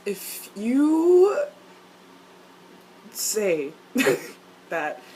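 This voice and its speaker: A woman ranting as a vlogger about a TV episode, swearing a lot and jumping up in pitch and loudness. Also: slight background noise, low-quality recording. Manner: excited, swears often, jumps up in pitch and loudness. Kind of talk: fan reaction rant.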